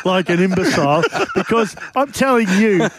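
Lively, teasing man, noisy studio. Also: high-pitched, normal speed. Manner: teasing, laughing banter. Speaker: radio co-host. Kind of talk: banter on talkback radio.

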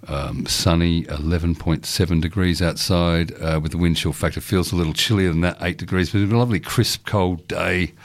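Australian male radio host, very low voice, dry studio sound, loose rambling delivery. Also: no room sound. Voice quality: rambling, with frequent ums and uhs. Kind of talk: live radio talk.

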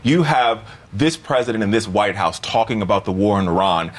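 A man's voice: on the low side, a little fast. A man, a political commentator, arguing his point on a TV panel and building it up in lists. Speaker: political commentator, contributing writer. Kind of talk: TV panel debate.

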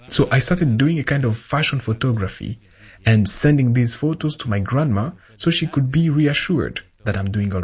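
A man giving a translated first-person voice-over in a calm storytelling manner. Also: mid-range voice. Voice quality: husky. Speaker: voice-over interpreter.

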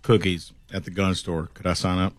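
A man co-hosting a casual radio talk show, joking and animated. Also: deep voice, slight background noise. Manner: joking, animated, quick asides. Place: radio studio.

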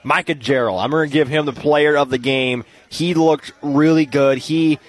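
A man's voice: on the high side, fairly even intonation, no echo. Casual male color commentator. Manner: casual, agreeable, halting restarts. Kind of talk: post-game sports commentary.

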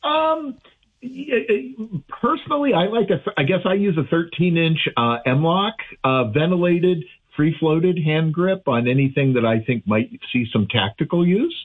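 Guy calling into a radio show over a tinny phone line, kinda husky, lots of ums and restarts. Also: on the high side, animated. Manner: chatty, halting, many restarts and fillers. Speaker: audiologist guest on radio. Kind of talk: casual radio chat by phone. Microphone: remote call-in line.

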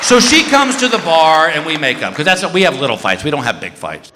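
A man doing a stand-up comedy routine, telling a story with lively shouts and voices. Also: a little high, fairly quick, a crowd in the background. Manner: animated storytelling, many put-on shouts. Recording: live club with long reverb and faint noise.

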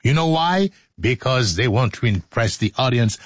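A man's voice: mid-range voice, expressive, moderate pace, few pauses, no room sound. A man hosting a radio show in a studio, joking and laughing through outtakes and stories, sometimes slipping into a sing-song voice. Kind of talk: playful studio banter and storytelling.

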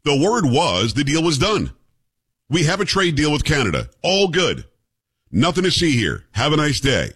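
A man hosting a talk show, animated and opinionated, often repeating words as he starts a sentence, in a general American accent. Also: fairly high pitch, moderate pace, slightly rough. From New York. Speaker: radio and podcast host. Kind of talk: casual talk show banter and commentary.

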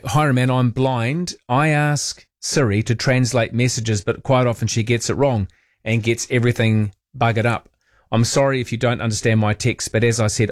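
A man's voice: medium pitch, no echo. A man hosting overnight talk radio from a studio, chatty and rambling as he reads out listener messages. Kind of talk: casual late-night radio chat. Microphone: studio microphone.

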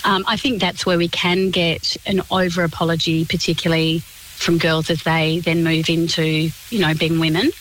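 A woman, a communications specialist answering on a radio interview in a clear, explanatory, measured way. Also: fairly low pitch, level tone, a bit bright, slight background noise, low-quality recording.

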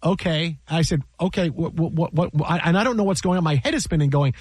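A man's voice: fairly high pitch, lively intonation, fast talker, darkish tone, dry recording. A man who works in sports broadcasting tells a story in casual chat, exasperated, repeating himself and acting out what people said.

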